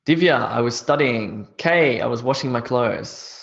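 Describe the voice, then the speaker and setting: A man teaching English grammar in a live online class. His pitch sits in the middle, and he explains patiently, step by step. The sound is a little dull and lo-fi, as if picked up by a computer mic. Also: unhurried, creaky, fairly bright tone. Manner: explains step by step, reads out student answers.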